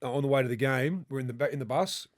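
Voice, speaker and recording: An Australian man in his fifties, a former rugby league player, telling rambling, animated stories in casual chat and swearing freely. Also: mid-range voice, rapid-fire, no echo. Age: 50s.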